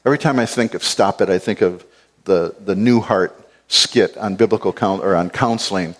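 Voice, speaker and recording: A man's voice: low-pitched, normal speed. A man giving an expository Bible teaching, explaining word meanings and repeating key phrases for stress.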